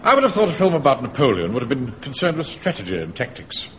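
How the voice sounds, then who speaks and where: An actor playing a pompous, stuffy middle-aged platoon captain in an old radio comedy. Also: male voice, medium pitch, huge pitch swings, fast talker. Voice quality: pompous, stiff. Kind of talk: vintage radio comedy acting. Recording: dull old radio recording with hiss.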